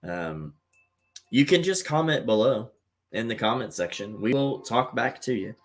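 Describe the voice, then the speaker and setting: A man's voice: mid-range voice, expressive, unhurried. A middle-aged man hosting a live call-in show in a casual, rambling way, full of fillers and repeats. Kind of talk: casual livestream chat.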